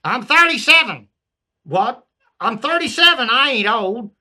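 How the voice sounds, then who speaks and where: A man's voice: extremely high pitch, animated, a little slow, pushed and bright, pitched above the performer's own voice, exaggerated voice. A man doing an indignant Southern peasant.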